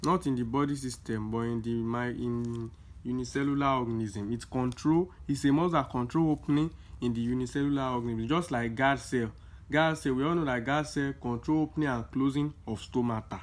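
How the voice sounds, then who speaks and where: A young man, tutoring students through exam questions in a casual lesson, repeating key points with emphasis. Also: mid-range voice. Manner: explains slowly with many repeats, emphatic.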